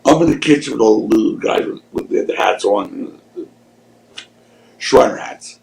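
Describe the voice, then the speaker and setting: A man in his sixties from Philadelphia, a podcast guest telling animated anecdotes and swearing freely. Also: on the low side, normal speed, vocal fry, a little hiss or hum. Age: 60s. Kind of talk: casual storytelling. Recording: roomy echo.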